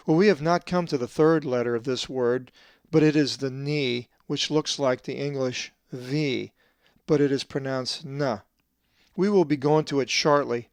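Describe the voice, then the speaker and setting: A man who translates the Bible, giving a scripted lesson on Greek pronunciation and slowly drawing out each example word. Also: mid-range voice, clean tone, no echo, studio quality. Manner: methodical, drawn-out slow stress on Greek words.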